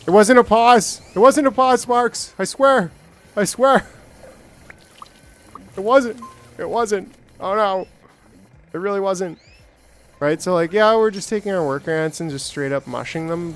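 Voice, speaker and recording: Male streamer, slightly high voice, chatty self-talk with excited spikes. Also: a little hiss or hum. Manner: rambling, self-talking, jokey with bursts of excitement. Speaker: gameplay streamer. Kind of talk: casual let's-play commentary.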